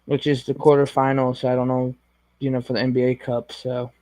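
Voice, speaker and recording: Male co-host, casual sports chat, monotone, laid-back, dry close sound. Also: medium pitch, brisk, no echo. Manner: flat, laid-back, short agreeing replies. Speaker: podcast co-host.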